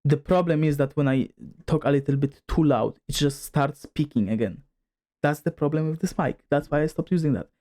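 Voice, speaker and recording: A male streamer with a mellow, slightly high voice speaks briskly while checking his desk microphone. His casual chat rambles and is heavy with fillers, and he keeps moving toward and away from the mic.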